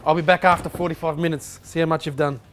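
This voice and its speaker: A man's voice: on the high side, flat delivery, quick pace. Teasing man, talks while eating. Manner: teasing, laughs often, talks with his mouth full. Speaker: friend timing the build. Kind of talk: casual chat.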